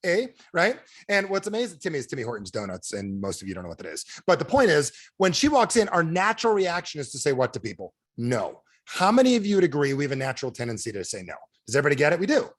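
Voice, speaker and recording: A man running a sales training over a video call, animated, firing questions at his audience and acting out quotes in a higher voice. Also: fast, hardly any pauses. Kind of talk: energetic coaching talk.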